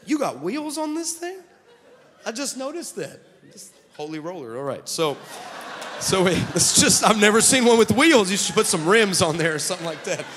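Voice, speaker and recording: A man preaching a sermon to his congregation, telling stories with animated humor and jokes. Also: high voice, moderate pace, in a large hall, slight background noise. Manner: animated storytelling, joking with the congregation. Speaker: pastor. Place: church sanctuary.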